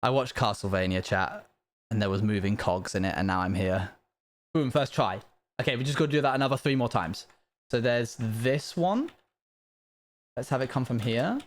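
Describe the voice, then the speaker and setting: A man streaming a building game live, chatting casually to his viewers and breaking into panicked high-pitched bursts when something goes wrong. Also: animated, normal speed, a little hiss or hum.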